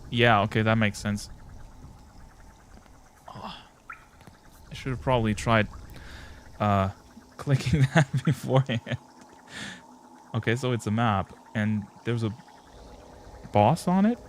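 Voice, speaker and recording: A man's voice: medium pitch, slow pace, long pauses, slight background noise. A man live-streaming a game, chatting casually and joking with his chat. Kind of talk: live gameplay commentary.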